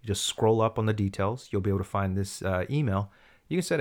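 Man, podcast co-host, lowish voice, joking storyteller, casual chat. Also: quick pace.

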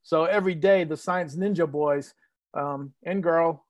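A man's voice: fairly high pitch, measured pace, no room sound, highs cut off. A man in his fifties from New England, reminiscing in rambling casual chat with many fillers, as a guest on a podcast. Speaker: guest, host's father or uncle.

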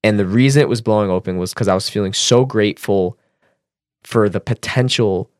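A man telling a personal story as a podcast guest, casual and animated, swearing and using fillers. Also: brisk, clear, resonant tone, dry recording, clean studio sound. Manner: animated, acts out quotes with raised pitch.

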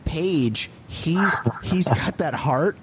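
A man co-hosting a comedy podcast, telling stories in an animated, profane way and laughing as he goes. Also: a little high, extremely slow, background noise. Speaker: podcast co-host. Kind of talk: casual comedic chat.

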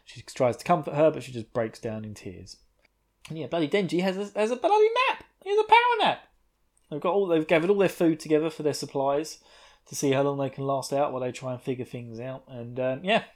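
A man's voice: medium pitch, fairly quick, darkish tone. A man in his thirties co-hosting a podcast, casually recapping an anime episode in a rambling way, chuckling often and swearing freely. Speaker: podcast co-host.

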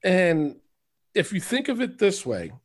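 A man's voice: sits high, wildly swooping pitch, a little slow. A man co-hosting a podcast in casual chat, rambling and swearing freely, often laughing. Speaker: podcast co-host.

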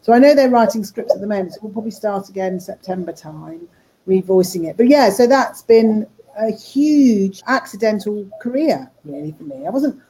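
A woman's voice: mid-range voice, expressive, normal speed, dark tone, low-quality recording. A woman talking casually about her work in animation and voice acting, rambling with restarts. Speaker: animator and voice actor. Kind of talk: casual interview talk.

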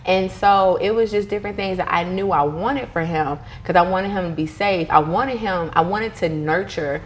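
A woman in her thirties, a podcast guest, telling stories in an animated way, with frequent restarts and laughter. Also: fairly low pitch, normal speed, slight background noise. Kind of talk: casual interview conversation.

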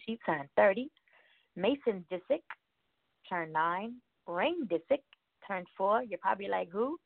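A woman's voice: medium pitch, animated, unhurried, creaky, no echo. A woman hosting a radio show, chatting casually in a rambling way and laughing often. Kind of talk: casual show chat reading birthdays. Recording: tinny phone-like line, dry.

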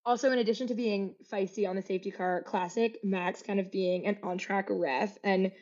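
A young woman co-hosts a casual sports podcast in a chatty way, laughing often between points. Her voice sits at a middle pitch for a woman. The audio is a little dull and lo-fi. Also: fairly even intonation, fairly quick, darkish tone. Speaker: podcast co-host.

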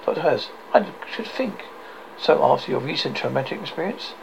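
Man reading as a calm middle-aged doctor, gravelly, fairly high voice. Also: normal speed, a little hiss or hum, low-quality recording. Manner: reads lines plainly with little change of voice.

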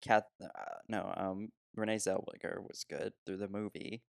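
Gravelly low-voiced man chatting about a movie. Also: little pitch movement, moderate pace, no echo, studio quality. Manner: laughs often, swears casually. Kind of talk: casual movie-review chat.

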